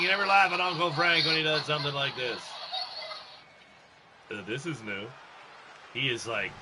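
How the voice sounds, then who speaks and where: Excitable high-voiced male wrestling commentator. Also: normal speed, background noise. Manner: excitable, joking, shouts and jumps in pitch at big moments. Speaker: wrestling commentator and show host. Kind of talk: solo play-by-play commentary of a simulated wrestling game.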